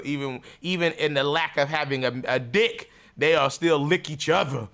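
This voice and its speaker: A man's voice: fairly high pitch, normal speed, creaky, hardly any pauses, fairly bright tone. A man hosting a livestream, delivering a crude, mocking rant with frequent laughter. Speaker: livestream show host.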